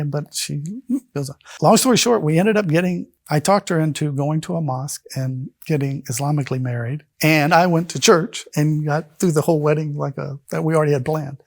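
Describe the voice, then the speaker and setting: A man in his fifties recounts his life in a lively, expressive way. His voice sits somewhat high and sounds dry and close. He acts out the people he quotes with sudden jumps in pitch. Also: moderate pace, gravelly, dry recording. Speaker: convert telling his story. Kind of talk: personal storytelling.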